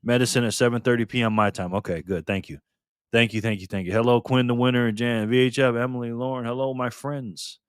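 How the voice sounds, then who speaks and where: A man's voice: medium pitch, steady tone, fast, clear, resonant tone, no room sound, studio quality. A man hosting a casual live stream, greeting viewers by name in a loose, chatty way with plenty of fillers. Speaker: live stream host reading chat.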